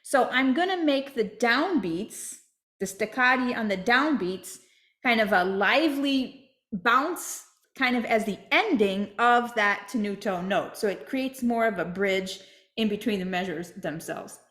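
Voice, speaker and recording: A woman's voice: on the high side, expressive, unhurried, fairly bright tone, roomy sound. A woman teaching a flute masterclass, explaining step by step and checking in with "right?".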